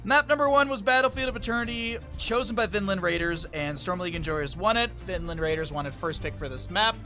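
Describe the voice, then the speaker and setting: A man's voice: high voice, animated, brisk, over music. A man casting a live esports match on stream, chatty and rambling, often stopping to apologize. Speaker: esports caster. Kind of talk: live stream game commentary.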